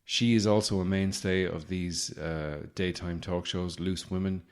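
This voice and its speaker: A man's voice: low voice, fairly even intonation, a little slow. A man hosting a podcast, giving a comedic monologue in a sardonic, rambling way with swearing. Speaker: podcast host.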